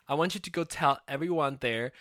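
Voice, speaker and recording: A man co-hosting a casual chat podcast on a headset mic, giggly and quick to break into laughing fits. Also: on the high side, bright, forceful tone, no room sound, clean studio sound. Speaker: podcast co-host.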